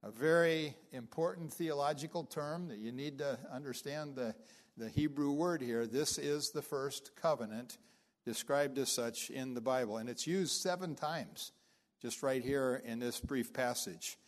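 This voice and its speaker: Man giving a Bible lecture. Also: medium pitch. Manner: unhurried, many fillers, reads scripture aloud with emphasis. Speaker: Bible teacher.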